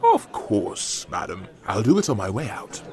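A man's voice: lowish voice, wildly swooping pitch, unhurried, a little mellow. An actor playing a suave, mysterious man posing as a waiter in a TV drama.

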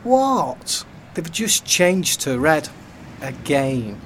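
A man's voice: a little high, very animated, extremely slow, fairly bright tone, slight background noise, full character voice. An actor playing a young man who looks after his drugged friend, coaxing and firm. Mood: puzzled, worried. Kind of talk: audio drama acting.

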